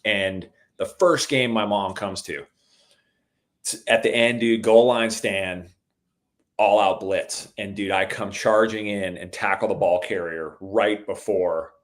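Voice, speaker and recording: A middle-aged man telling stories in a relaxed conversation, calling the listener "dude" a lot and getting animated at the exciting parts. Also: fairly low pitch, slow. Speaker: podcast guest. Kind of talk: casual storytelling chat.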